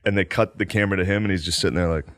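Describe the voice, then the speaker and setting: A man's voice: low-pitched, very fast. A man in casual chat who tells stories with animation and laughs a lot. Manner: animated storytelling, laughs often.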